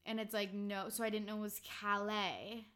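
A young woman from Canada hosts a relaxed podcast chat, her bright voice tumbling through stories with plenty of "like" and easy laughter. She talks loosely and warmly with a friend, never scripted. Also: medium pitch, moderate pace. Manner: chatty, laughs often, heavy use of "like". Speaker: podcast host. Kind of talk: casual chat.

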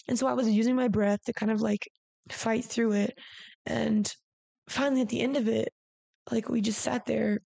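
Candid, rambling woman with vocal fry. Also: on the high side, fairly even intonation, normal speed, dark tone, dry recording. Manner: rambling, confessional, frequent "like" and casual swearing. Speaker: podcast host. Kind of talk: candid personal monologue.

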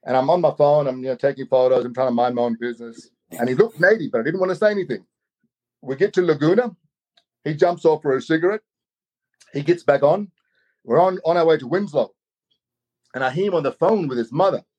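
A man from Australia telling a long travel story in a casual, animated way, often repeating his words as he goes. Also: fairly high pitch, fairly quick. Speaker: guest storyteller.

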